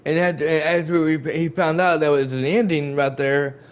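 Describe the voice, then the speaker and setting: A man with a fairly high voice recaps a game for his channel in a loose, chatty way. He circles back over his points and repeats himself as he acts out bits of dialogue. He speaks directly to his viewers throughout. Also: fairly even intonation, normal speed, clear, resonant tone. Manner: rambling and repetitive, retelling scenes with quoted dialogue. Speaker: gaming channel host.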